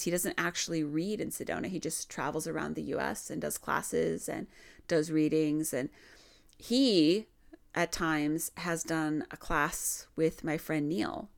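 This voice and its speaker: Woman podcaster from minnesota, chatty storyteller, smooth voice with some gravel in it. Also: lowish voice. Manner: chatty, laughing often, frequent "like" fillers. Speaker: podcast host. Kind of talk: casual spiritual storytelling.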